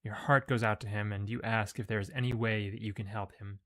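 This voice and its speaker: A man's voice: lowish voice, fairly even intonation, brisk, fairly bright tone. A man playing a video game and casually reading its story text aloud, with offhand asides. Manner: casual, reads with loose emphasis and asides.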